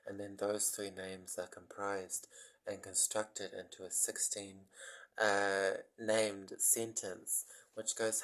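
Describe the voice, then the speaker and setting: A man speaks in a lowish, soft voice, giving a gentle spiritual talk about mantra meditation. He moves very slowly, pausing often and filling gaps with ums. His tone stays apologetic and unhurried throughout. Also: flat delivery, poor audio. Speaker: meditation teacher.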